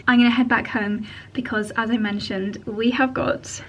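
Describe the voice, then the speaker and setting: A woman's voice: fairly high pitch, steady tone, normal speed, a bit bright, a little hiss or hum. A woman chatting through a casual home vlog tour, gushing with lots of "lovely" and "cozy". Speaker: lifestyle vlogger. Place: indoors at home and in holiday cottages.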